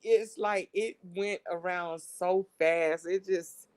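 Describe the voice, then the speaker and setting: A woman talks to her viewers in an unhurried, slangy way. Her voice sits a little low, and she keeps breaking into fits of laughter as she speaks. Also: steady tone, a little mellow. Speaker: commentary vlogger. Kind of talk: casual commentary.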